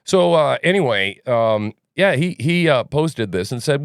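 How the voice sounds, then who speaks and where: A man's voice: mid-range voice, lively intonation, a little slow, smooth, no echo, studio quality. A man hosting a news commentary podcast, talking casually in a rambling, sarcastic way. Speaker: podcast host.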